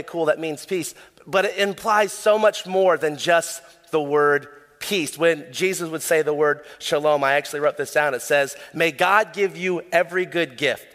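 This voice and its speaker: Young male pastor in echoing hall. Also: a little high. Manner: casual, animated storytelling with many fillers. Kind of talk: sermon. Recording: long hall reverb.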